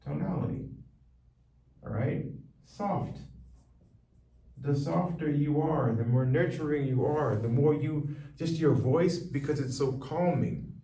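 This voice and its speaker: Mellow-voiced male coach in a roomy space. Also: a little high. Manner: repeats phrases slowly for emphasis. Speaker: wellness coach. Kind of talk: teaching monologue. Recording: roomy echo, voice from far off.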